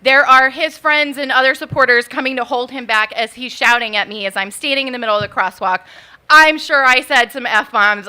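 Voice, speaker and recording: A woman's voice: high-pitched, bright, forceful tone. A woman in her thirties telling a true story on stage at a live event, nervous and chatty, with many fillers and "like"s. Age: 30s.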